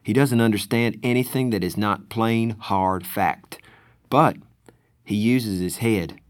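A man narrating a novel in the first person, in a measured, deliberate storytelling manner. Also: fairly low pitch, no room sound, clean studio sound. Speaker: audiobook narrator.

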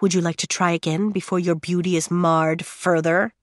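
A cold, commanding queen speaks in low, measured menace. A woman puts her on while reading an audiobook. The sound is dry and close, with no room around it. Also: little pitch movement, no room sound, natural voice.

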